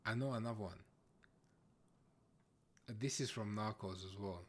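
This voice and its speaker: A man hosting a casual livestream, chatting with viewers in a playful, teasing way and often breaking into loud exclamations. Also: lowish voice, measured pace. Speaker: livestream host. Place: home, in the UK.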